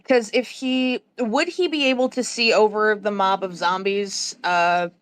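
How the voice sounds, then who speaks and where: A woman's voice: medium pitch, measured pace, smooth, no room sound. A woman playing in a tabletop game, chatting casually and asking questions. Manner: conversational, questioning. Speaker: player.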